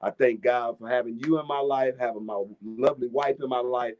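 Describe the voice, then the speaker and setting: A man's voice: medium pitch, fairly even intonation, fairly quick, a little mellow, dull audio. A man on a live show as a guest, speaking casually and with heartfelt thanks. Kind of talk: casual call-in chat.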